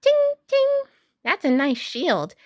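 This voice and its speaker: A woman voicing a playful, bossy young girl puppy in a storybook reading, with a high, bouncy, excited delivery. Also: normal speed, no echo, studio quality.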